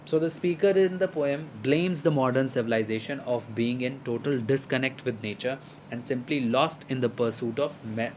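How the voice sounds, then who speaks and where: A man's voice: mid-range voice, a little hiss or hum, poor audio. A man teaching a lesson, explaining a poem at length with many fillers and restarts. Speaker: literature teacher.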